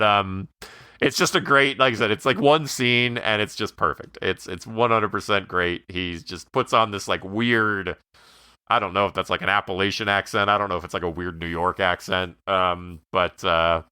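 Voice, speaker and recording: A man with a very deep voice co-hosts a movie podcast, rambling cheerfully with plenty of ums. His tone is bright and forceful, and the sound is dry with no room in it. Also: moderate pace, clear, resonant tone, no echo. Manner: enthusiastic, rambling, lots of fillers, laughs while quoting. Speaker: podcast co-host. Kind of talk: casual movie discussion podcast.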